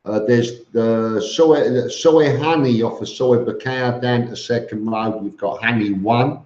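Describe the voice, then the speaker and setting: A man hosts a casual live stream, reading viewer comments aloud and answering them in a blunt, matter-of-fact way, with plenty of fillers and restarts. He speaks slowly. The audio is roomy and a bit dull and lo-fi. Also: mid-range voice, a little mellow. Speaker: vlogger answering live chat.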